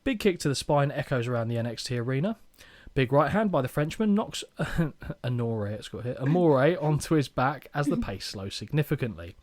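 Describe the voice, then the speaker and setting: A man's voice: medium pitch, animated, normal speed, a little mellow. A young man co-hosting a podcast, reading a match recap with playful asides. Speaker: podcast co-host.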